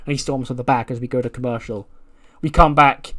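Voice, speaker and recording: A man recounting a wrestling management game playthrough as a story, lively and casual. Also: medium pitch, a little fast. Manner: animated storytelling, acting out characters. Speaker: gaming YouTuber.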